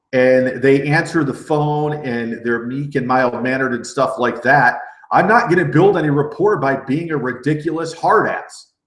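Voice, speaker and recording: A middle-aged man running a live sales training, talking with energy, repeating himself and dropping rallying "okay?" asides. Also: medium pitch. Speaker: network marketing trainer. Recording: roomy echo.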